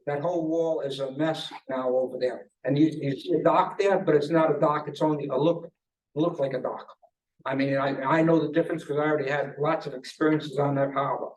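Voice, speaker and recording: An older man giving rambling public comment at a hearing, full of anecdotes and halting restarts. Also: a little high, fairly even intonation, recorded from a distance, slight background noise, low-quality recording. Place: government conference room.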